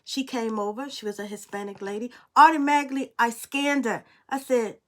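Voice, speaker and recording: High-voiced woman, blunt casual tarot reader. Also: steady tone, moderate pace, hardly any pauses, a bit bright. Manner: blunt, emphatic, swears freely. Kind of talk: casual spiritual storytelling and tarot reading.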